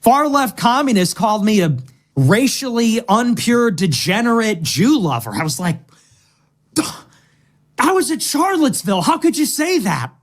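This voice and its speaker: A man's voice: extremely high pitch, sing-song, moderate pace, pitched above the performer's own voice. A man putting on a whiny, mocking voice of a far-right online man during livestream commentary. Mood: mocking whine.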